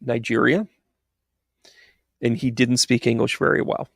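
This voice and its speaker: A man with a gravelly, creaky voice tells a story in a loose, meandering way. He wanders off topic and trips over his words as he goes. The sound is dry and close, with no room echo. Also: medium pitch, little pitch movement, unhurried. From United States. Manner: rambling and digressive, restarts, laughs at his own story. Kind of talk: casual storytelling monologue.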